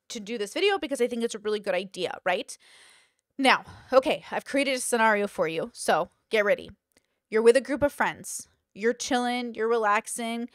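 A woman podcast host talks in a casual monologue with a slightly high voice. She is emphatic and chatty and keeps asking rhetorical questions. The sound is dry, with no room echo.

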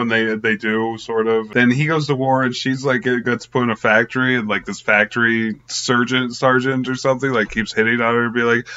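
A man's voice: lowish voice, little pitch movement, moderate pace, bright, forceful tone. A young man casually reviewing an old film, rambling with lots of fillers and little laughs. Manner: rambling, filler-heavy, giggly. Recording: slightly muffled lo-fi audio.

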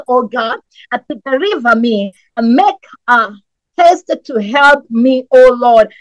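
A woman leading a fervent morning prayer, reading scripture and pleading passionately, sometimes breaking into shouts and speaking in tongues. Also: high-pitched, no echo, poor audio. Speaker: prayer leader.

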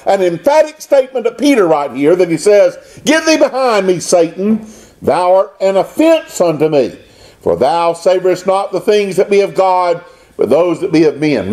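A male pastor preaching a sermon in church, rising high on scripture and dropping low to drive points home. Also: dark tone.

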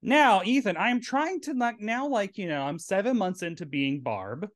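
A man's voice: high-pitched, animated, moderate pace. A man from Tennessee with a Southern accent, hosting a casual podcast chat in his drag queen persona, playful and chatty. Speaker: podcast host.

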